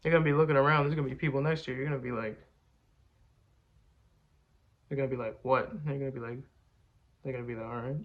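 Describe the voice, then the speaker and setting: Fielding fan questions, the young rapper talks rapid-fire in a level, medium-pitched tone. It's casual, rambling, boastful chat thick with "bro" and "man," and the recording's highs are cut off.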